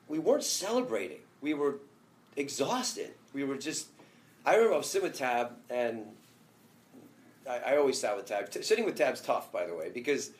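A former soccer player telling a team story in casual chat, jumping between thoughts and laughing. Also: male voice, mid-range voice, big pitch swings, normal speed.

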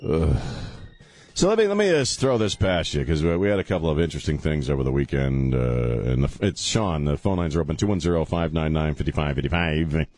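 A man's voice: a bass voice, big pitch swings, brisk, darkish tone. A man hosting a talk radio show, ranting with heavy sarcasm into a studio microphone.

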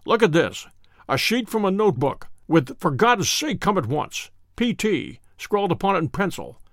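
A man voicing a sharp, confident detective who explains his reasoning calmly and precisely. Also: high-pitched, normal speed, no room sound, studio quality. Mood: assured. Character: sharp, confident male detective, middle-aged.

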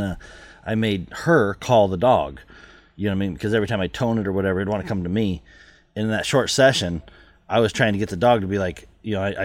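A middle-aged man in casual chat, rambling, laughing often and trailing off quietly. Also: on the low side, no room sound.

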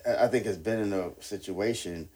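A man's voice: lowish voice, a little fast, warm tone, breathy edge. A man in his forties telling stories animatedly in a casual group chat, laughing often.

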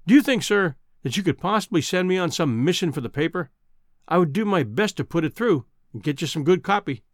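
A man's voice: fairly high pitch, animated, fairly quick, no room sound, clean studio sound, close to an everyday voice. A man as an eager young reporter. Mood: earnest. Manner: earnest, eager. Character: eager young male reporter, twenty-three.

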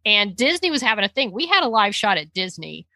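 A woman's voice: mid-range voice, big pitch swings, fairly quick, bright, forceful tone, dry recording. A woman co-hosting a podcast in casual chat, talking in loose, rambling runs that she restarts often. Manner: chatty, trails off and restarts, playful sound effects. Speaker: podcast co-host.

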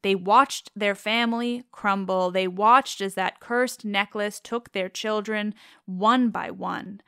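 A woman's voice: medium pitch, steady tone, takes it slowly, bright, forceful tone, smooth, no echo, studio quality. A woman retelling an old myth in an informal way, openly enthusiastic and affectionate about her subject. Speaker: mythology presenter.

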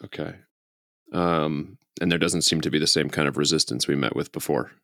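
Very deep, gravelly-voiced man playing a tabletop game. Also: normal speed, dry recording, clean studio sound. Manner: relaxed, thinking aloud with many ums. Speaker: player. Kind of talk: casual tabletop game chat.

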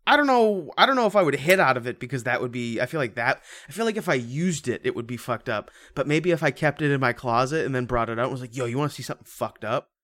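Dude on a podcast riffing crude jokes, rambly, dry close sound. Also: male voice, medium pitch, animated, fast talker, hardly any pauses, fairly bright tone, no echo. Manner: joking, crude, rambling with many restarts. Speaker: podcast co-host. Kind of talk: casual podcast chat.

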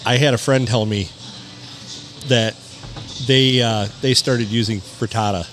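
A man co-hosting a casual podcast who tells stories in a rambling way, often stopping and starting his sentences. His voice is at a plain middle pitch. A faint hiss of noise sits behind it. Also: steady tone, fairly bright tone. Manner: rambling, halting, many restarts. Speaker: podcast co-host. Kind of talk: casual storytelling chat.

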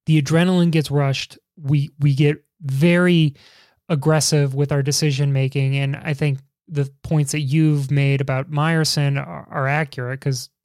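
A man hosting a cycling podcast, speaking in a measured, earnest way. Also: fairly high pitch, little pitch movement, a little mellow, no echo, clean studio sound. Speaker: podcast host.

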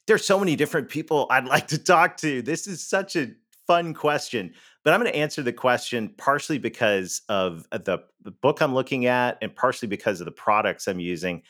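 A man's voice: mid-range voice, lively intonation, fairly quick, hardly any pauses, a bit bright, dry recording, studio quality. A Canadian man with a Canadian accent, a podcast guest talking about running businesses in an upbeat, emphatic way. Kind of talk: conversational interview.

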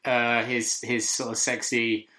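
A man's voice: mid-range voice, little pitch movement, takes it slowly, sharp tone. A man co-hosting a podcast in casual chat, teasing and chatty, often stumbling over his words. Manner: chatty, teasing, hesitant restarts. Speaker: podcast co-host.

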